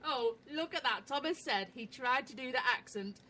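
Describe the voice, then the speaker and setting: A woman's voice: sits high, lively intonation, moderate pace, bright, forceful tone, slight background noise, poor audio. An English woman co-hosting an internet radio show, casually bantering and teasing with a cheeky laugh. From England. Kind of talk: casual banter reading chat messages.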